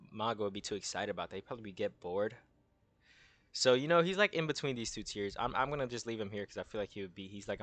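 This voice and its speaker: Rambling, slangy young man, low voice. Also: bright, forceful tone, no echo. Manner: rambling, slangy, says bro a lot. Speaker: content creator. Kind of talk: casual commentary.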